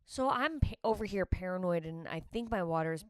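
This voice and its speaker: A woman's voice: mid-range voice, expressive, moderate pace, no room sound. A pregnant woman vlogging casually, talking candidly and emotionally, rambling as she goes. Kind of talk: casual confessional vlog.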